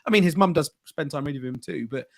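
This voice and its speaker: A man's voice: a little high, fast talker, vocal fry. A man co-hosting a podcast, telling a story in casual chat with many restarts. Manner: rambling, self-interrupting storyteller. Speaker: podcast co-host.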